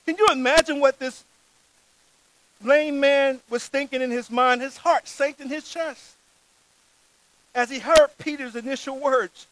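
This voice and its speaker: A man's voice: very high-pitched, unhurried, a bit bright, slight background noise, rough recording. A man preaching a sermon, reading scripture aloud and stressing key words in an earnest preaching manner.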